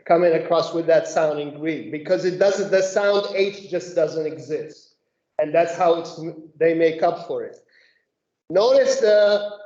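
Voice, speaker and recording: A woman leading a group Bible study, explaining slowly and methodically and often checking in with "okay?". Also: sits low, darkish tone. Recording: echoey room, dull lo-fi sound.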